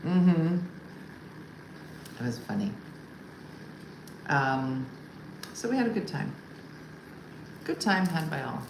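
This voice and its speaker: A woman's voice: low-pitched, animated, slow pace, creaky, long pauses. A woman hosting a casual live comedy stream. She chats with viewers and tells wry, exasperated stories about her partner. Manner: chatty storyteller who answers viewer comments; wry and exasperated, imitates her husband loudly. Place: home room for a live stream. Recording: echoey room with faint ambient hum.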